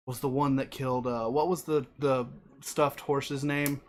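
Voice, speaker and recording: A man's voice: medium pitch, level tone, moderate pace. A young man co-hosting a casual podcast, animatedly retelling a sketch, acting out quotes and laughing along. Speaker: podcast co-host. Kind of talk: casual chat.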